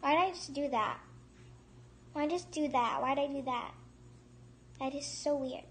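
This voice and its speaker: A woman hosting a casual gameplay commentary, excitable and chatty, gasping and squealing at surprises and rambling with restarts. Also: sits high, moderate pace, slight background noise. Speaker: gaming channel host.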